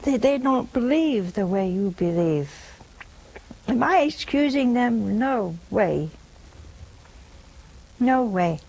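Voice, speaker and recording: An older woman preaches slowly to her callers, earnest and unhurried. She leans on repeated phrases to drive a point home, keeping a steady, measured delivery. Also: a little high, vocal fry, low-quality recording. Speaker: host of a religious call-in show.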